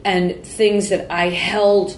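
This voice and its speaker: A woman's voice: medium pitch, level tone, slow pace. A woman guest in a candid interview, talking emotionally and repeating herself as she rambles. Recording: roomy with faint background noise.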